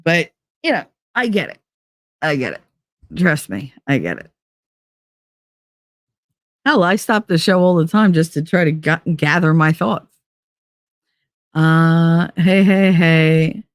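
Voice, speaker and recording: Blunt, lower-voiced woman telling animated stories. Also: slow, long pauses, no echo, clean studio sound. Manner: blunt, profane, animated storytelling. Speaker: live show host. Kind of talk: casual chat on a live stream.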